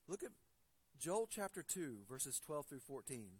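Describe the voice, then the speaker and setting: A male pastor preaching a sermon. He reads scripture slowly and deliberately, then tells stories in a conversational way, often restarting his sentences. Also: fairly high pitch, sing-song, fairly bright tone, breathy edge, no room sound. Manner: conversational storytelling with frequent restarts.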